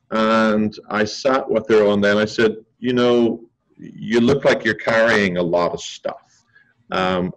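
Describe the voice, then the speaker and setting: A man's voice: fairly low pitch, low-quality recording. A man, a martial arts instructor and guest, telling a story in a casual talk show chat and acting out the people in it. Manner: animated storyteller acting out quotes.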